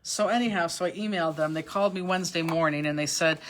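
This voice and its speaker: A woman's voice: sits low, steady tone, quick pace, hardly any pauses, a bit bright. Chatty woman hosting a craft class. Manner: rambling, chatty, emotional, with frequent fillers and restarts. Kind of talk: live online craft class with chatty storytelling. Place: warehouse workspace.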